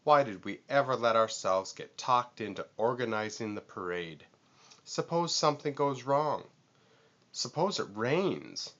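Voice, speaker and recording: A man's voice: medium pitch, expressive, unhurried, a bit bright, highs cut off. A man voicing an anxious male walrus in a storybook read-aloud, sighing and moaning with worry. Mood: worried.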